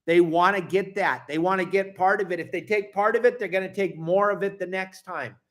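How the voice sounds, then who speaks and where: Angry high-voiced man ranting. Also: brisk. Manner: angry, cussing, repetitive, swings loud and soft. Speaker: fishing show host. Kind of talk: impassioned rant to viewers.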